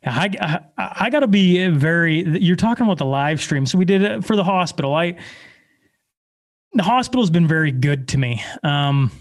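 A man in his thirties with a fairly high voice tells stories as a podcast guest. He talks bluntly and with plenty of energy, and he pokes fun at himself as he goes. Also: normal speed. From Canada. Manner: energetic, blunt, self-deprecating storyteller. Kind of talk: casual conversation.

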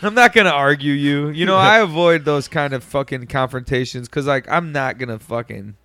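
A man's voice: on the high side, normal speed, dry recording. Profane, laughing storyteller man. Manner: profane, laughing, animated retelling. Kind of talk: casual storytelling chat.

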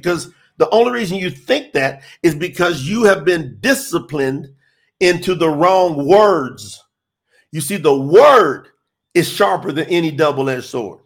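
Animated, gravelly-voiced man preaching. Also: high voice. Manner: emphatic, conversational, rhetorical questions. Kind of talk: informal sermon.

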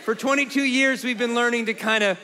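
A man in his forties with a high, bright, forceful voice, telling funny stories with lots of laughter. His voice sits in a room with a long reverb. Faint noise hums behind him. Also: fairly quick, some chatter behind. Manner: animated, laughing storyteller. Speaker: co-host. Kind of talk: comic storytelling in conversation.

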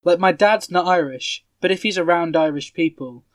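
A man with a somewhat higher voice talking casually on a podcast, rambling and chuckling at himself. The sound is dry and close, with no room around it. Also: normal speed, dry recording. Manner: rambling, self-deprecating, chuckling. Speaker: podcast co-host.

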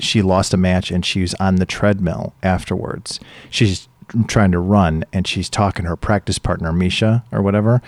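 A man co-hosting a casual chat, an animated storyteller who acts out what others said. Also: sits low, dry recording.

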